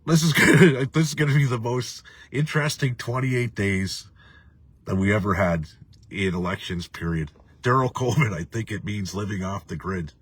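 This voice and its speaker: A man's voice: lowish voice, moderate pace, breathy edge, dry recording. A man hosting a casual live stream, rambling and profane, reading viewer comments and laughing often. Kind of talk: casual ranting live chat.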